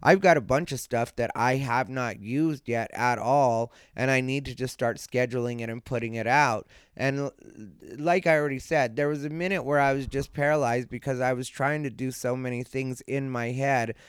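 A man hosting a solo podcast at night, rambling in a laid-back way, sleepy and yawning, with a slight lisp, talking from a dark room at home. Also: mid-range voice, fairly even intonation, moderate pace, clear, resonant tone, dry recording, clean studio sound. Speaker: podcast host and comedian. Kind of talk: casual solo podcast monologue. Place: dark room at home, lying beside his dog.

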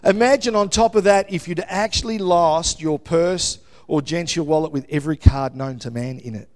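Brief: middle-aged Australian male pastor, slightly higher voice, animated storyteller, checks in with "yeah?". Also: normal speed. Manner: animated storytelling, exclamations, frequent "yeah?" tags. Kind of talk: sermon.

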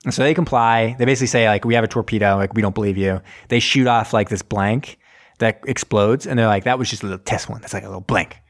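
A man in casual chat, recapping a film plot and acting out the characters' lines in quick voices. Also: lowish voice. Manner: rambling, acts out scenes in quick voices. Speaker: podcast host recapping a film.

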